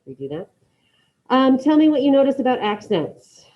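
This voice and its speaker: A woman teaching a Spanish class to students in the room and online, giving brisk, repeated instructions and modeling pronunciation. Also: high-pitched, very animated. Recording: dull lo-fi classroom audio.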